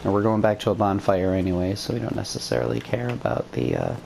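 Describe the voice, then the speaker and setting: A woman with a very deep voice giving rambling, self-deprecating let's-play commentary as she plays. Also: big pitch swings, fast, creaky, warm tone, a little hiss or hum. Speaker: game streamer.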